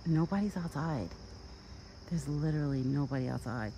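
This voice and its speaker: A woman casually vlogging outdoors in a yard, rambling in a chatty way and cooing softly in a high voice to soothe her deer. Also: a little fast, slight background noise, poor audio. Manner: rambling and chatty, full of "like" and "you know". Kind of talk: casual outdoor vlog chat. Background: crickets and outdoor nature sounds.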